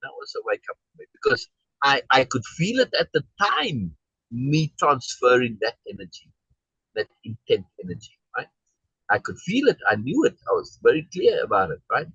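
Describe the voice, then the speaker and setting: A man's voice: medium pitch, huge pitch swings, normal speed, fairly bright tone, slightly rough, dry recording, highs cut off. A man leading a group discussion, telling a personal story in a casual, rambling way, with many restarts and a habit of asking "right?". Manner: acts out quoted exchanges in a raised voice.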